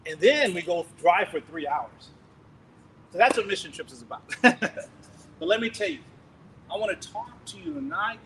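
A middle-aged male preacher telling a story in a sermon, animated and laughing, acting out scenes loudly. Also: high-pitched, normal speed, long pauses, a little hiss or hum, rough recording.

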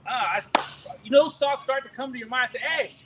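A middle-aged male preacher telling a story in a sermon, animated and laughing, acting out scenes loudly. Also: extremely high pitch, fast talker, low-quality recording.

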